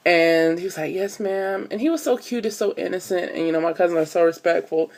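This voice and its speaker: A woman's voice: lowish voice, fast, a little mellow. A woman, chatting to camera at home and telling stories with many ums and "so look". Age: 20s. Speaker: vlogger. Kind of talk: casual chat to camera. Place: at home, upstairs room.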